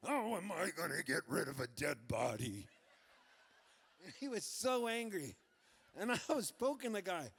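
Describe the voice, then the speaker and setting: A man telling a funny story between songs at a live festival concert, loose and laughing as he slips into quick voices for the people in it. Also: high-pitched, fairly bright tone, in a large hall. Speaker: folk singer-songwriter telling a story on stage. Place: outdoor festival stage.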